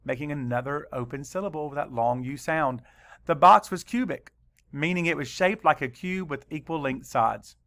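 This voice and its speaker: A male teacher leading a spelling lesson for children, spelling words slowly letter by letter and adding dry asides. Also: on the high side, gravelly, a bit bright.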